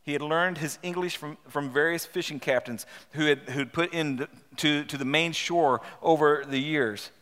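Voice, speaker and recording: Halting preacher in a reverberant hall. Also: male voice, fairly high pitch, fairly bright tone. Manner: halting, repeats words, asks rhetorical questions. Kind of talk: storytelling sermon with read-aloud passages.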